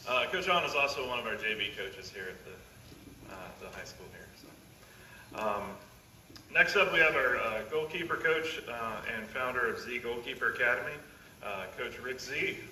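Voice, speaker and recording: A man emceeing a school ceremony, introducing each speaker with many pauses and fillers. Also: medium pitch, animated, sharp tone. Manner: halting, filler-heavy introductions. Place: school signing ceremony hall. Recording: echoey room, distant mic, faint noise.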